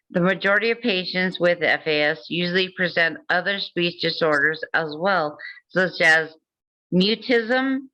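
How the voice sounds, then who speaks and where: A woman's voice: fairly low pitch, bright, forceful tone, low-quality recording. A woman hosting a casual talk, reading passages aloud and adding joking asides. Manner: reads passages then comments with jokes and laughs. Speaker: host.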